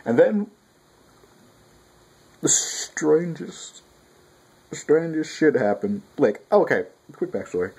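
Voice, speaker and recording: A man with a husky, slightly rough voice riffs through a casual manga review. His pitch swings around in a lively, animated way, and he talks a bit loud, swearing freely and restarting his sentences as he goes. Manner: rambling, profane, self-interrupting. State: talking loud with a clogged ear.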